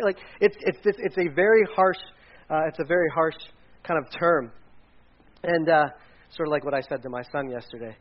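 A pastor gives a casual, conversational sermon, chatty and rambling with restarts and side stories. His voice is on the high side at a normal speed, captured in a dull lo-fi recording.

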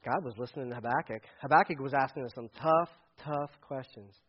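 Animated man preaching a sermon, lo-fi. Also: mid-range voice, a little fast, husky. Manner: animated, acts out quoted voices, swings from loud to hushed. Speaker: pastor. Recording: dull lo-fi sound.

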